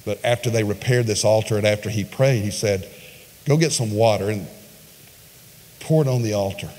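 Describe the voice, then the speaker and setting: A male pastor preaching a sermon, retelling a story with dramatic pitch swings and voiced quotes. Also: moderate pace, darkish tone. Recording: long reverb of a large hall.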